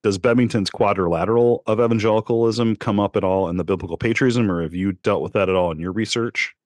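A man co-hosting a casual discussion, eager and quick with his questions. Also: lowish voice, darkish tone, no room sound.

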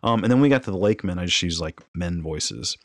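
Low-voiced guy on a book podcast, chatty, dry close sound, tells stories with energy. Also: fairly quick, no room sound. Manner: chatty, animated storyteller. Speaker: podcast co-host. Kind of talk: casual chat.

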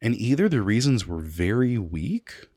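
A man's voice: on the low side, very animated, unhurried, darkish tone, dry recording, studio quality. A man co-hosting a podcast, talking casually and reviewing a debate, with frequent restarts and asides. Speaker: podcast co-host.

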